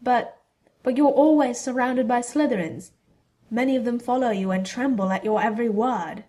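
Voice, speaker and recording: An awkward, good-natured teenage wizard boy, read by a woman in an audiobook-style story. He talks in an earnest, slightly flustered way at a fairly high pitch. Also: moderate pace, mellow, close to an everyday voice.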